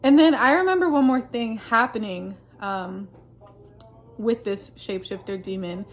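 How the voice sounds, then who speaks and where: A woman's voice: a little high, a little slow, a little hiss or hum. A woman telling a personal story in a casual monologue. She rambles earnestly, with many fillers and restarts, and uses religious Christian phrasing. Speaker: vlogger recounting personal experiences.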